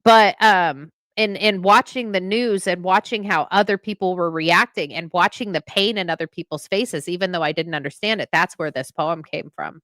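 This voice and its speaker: A woman in her thirties, a podcast co-host and veteran, talking in a heartfelt, halting way and reading a poem. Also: fairly low pitch, a bit bright, no echo. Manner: emotional, halting with restarts.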